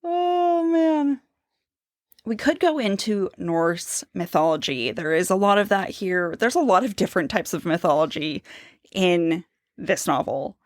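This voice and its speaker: A woman's voice: on the low side, lively intonation, normal speed, no room sound, clean studio sound. A woman co-hosting a book podcast, analyzing a novel casually, reading quotes aloud and asking questions. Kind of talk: casual literary analysis chat.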